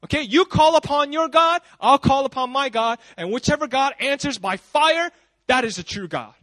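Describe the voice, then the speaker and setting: A swaggering, fearless prophet taunts his enemies in a high, forceful voice, as a preacher puts him on mid-sermon. The sound is dry and close. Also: fairly quick, no room sound, long reverb tail. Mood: defiant. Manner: brash and taunting. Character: bold, fearless, mocking male prophet.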